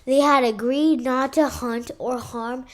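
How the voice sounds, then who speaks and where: A woman reading a children's novel aloud, unhurried, raising her voice for the animal characters. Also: sits high, steady tone. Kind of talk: read-aloud storytelling.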